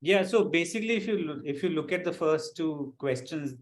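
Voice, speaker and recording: A man's voice: fairly high pitch, animated, brisk. A man co-hosting a live online English class, speaking thoughtfully, restarting words as he explains. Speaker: co-host and English instructor.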